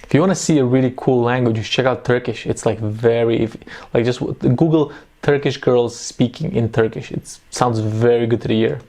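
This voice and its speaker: A man's voice: mid-range voice, steady tone, fairly quick, hardly any pauses, mellow. A man commenting casually on a comedy clip, with wry asides and breakdowns of how the jokes work.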